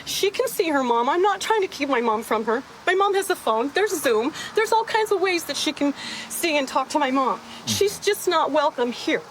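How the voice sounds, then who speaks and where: Firm, high-voiced middle-aged woman. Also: very animated, moderate pace, a little hiss or hum, poor audio. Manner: firm, insistent. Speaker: caregiving sister. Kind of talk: unscripted reality footage.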